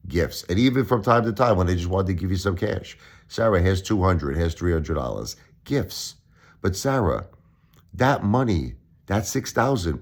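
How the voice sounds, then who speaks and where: Older Brooklyn-raised man with a very deep voice, aggrieved and repetitive vlog monologue to camera. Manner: pleading and aggrieved, repeats phrases. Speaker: YouTuber.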